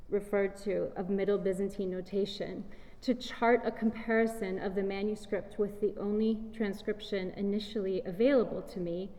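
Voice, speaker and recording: A woman explains her approach to the music in a measured, scripted lecture, her voice mellow and dark. She speaks in a large hall whose long reverb trails after every phrase. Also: medium pitch. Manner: measured, explanatory, sings short chant fragments. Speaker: singer and presenter. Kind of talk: scripted lecture-recital talk.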